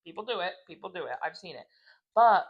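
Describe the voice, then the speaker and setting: A woman's voice: lowish voice, lively intonation, fairly quick, dull audio. A young woman co-hosting a casual podcast chat, talking loosely with lots of "like", swearing and laughing. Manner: reads dating app messages aloud in mocking voices. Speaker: podcast co-host.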